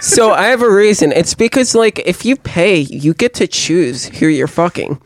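A young man with a high, bouncy voice that swings up and down as he talks. He swears freely and laughs through his stories in rowdy podcast banter. The sound is dry and close. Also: expressive, normal speed, no echo. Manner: loud, swearing, laughing storyteller. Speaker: podcast co-host. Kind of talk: casual crude group banter.

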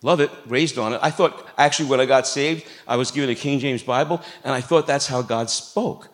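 A man's voice: mid-range voice, fairly quick. A middle-aged man preaching a sermon in a church, in a conversational, joking way with asides to the congregation. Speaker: pastor. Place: church sanctuary.

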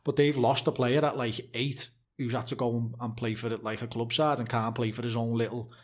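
A man's voice: medium pitch, little pitch movement, fairly quick. A man interviewing a guest in a casual chat, agreeable and chatty, often ending points with rhetorical tag questions. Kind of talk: casual conversation.

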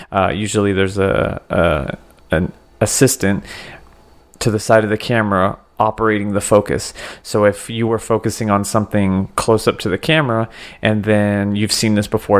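A man co-hosting a film podcast, talking casually and explaining camera work at length, with the odd swear word. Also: lowish voice. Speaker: podcast co-host. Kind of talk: casual chat about a film.

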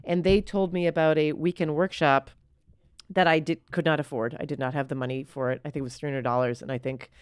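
A woman comedian chatting as a guest, animated and quick to act out quoted voices. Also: deep voice, clear, resonant tone, dry recording, clean studio sound. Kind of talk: casual chat.

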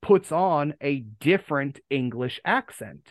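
A man's voice: a little high, lively intonation, takes it slowly, no room sound. A man from the United States hosting a casual fan podcast, rambling and correcting himself with lots of fillers. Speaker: podcast host.

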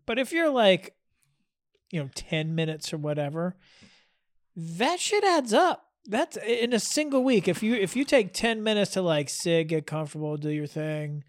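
Laid-back teasing man, slightly high. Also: lively intonation, normal speed, no room sound, studio quality. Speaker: podcast co-host. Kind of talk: casual comedic chat.

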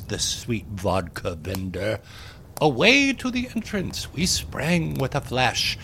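A man's voice: medium pitch, vocal fry, a bit bright, slight background noise. A man hosting the show, reciting a rhyming holiday poem in a theatrical, sing-song way.

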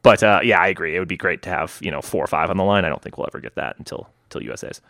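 A man's voice: low voice, very fast, creaky, a bit bright, dry recording, clean studio sound. A man co-hosting a casual running podcast, talking in a loose, rambling way and laughing easily. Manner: rambling, many fillers and restarts, easy laughs. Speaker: podcast co-host.

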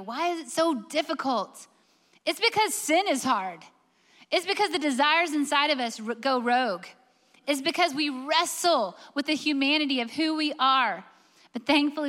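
Bright high-voiced woman preaching. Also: in a large hall. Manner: emphatic, full of rhetorical questions. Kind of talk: sermon.

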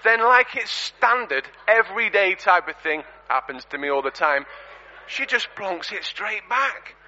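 A man preaching a storytelling sermon in a church, animated and conversational, full of rhetorical questions. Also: high-pitched, a little slow, slight background noise. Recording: dull lo-fi recording.

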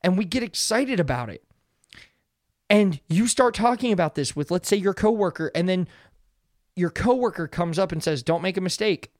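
Young guy podcasting solo, earnest and chatty, kinda higher voice, dry close mic. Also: lively intonation, normal speed, no echo. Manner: earnest, conversational, often asks "right?". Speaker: podcast host. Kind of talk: solo motivational podcast talk.

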